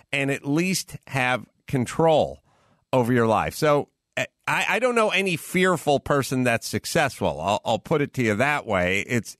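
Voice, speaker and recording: A man's voice: mid-range voice, fairly bright tone, dry recording, clean studio sound. A man hosting a podcast, talking bluntly in a casual advice style and often repeating words as he starts a sentence. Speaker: podcast host.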